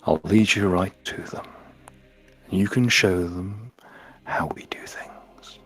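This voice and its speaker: A man voicing a foppish, breathy male devil in a menacing whispered role-play. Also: low voice, slow, a bit bright, full character voice. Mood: sinister.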